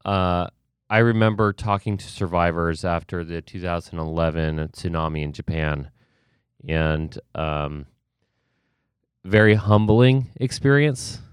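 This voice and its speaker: A man's voice: low-pitched, a little slow, clean tone, no echo. A man who works in emergency management, speaking reflectively in a casual interview, with many fillers.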